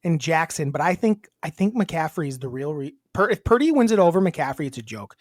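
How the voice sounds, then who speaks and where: A woman's voice: low voice, sing-song, fairly quick, a little mellow, no room sound, clean studio sound. A woman co-hosting a podcast, chatting casually in a blunt, rambling, crude way. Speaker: podcast co-host. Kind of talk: casual chat.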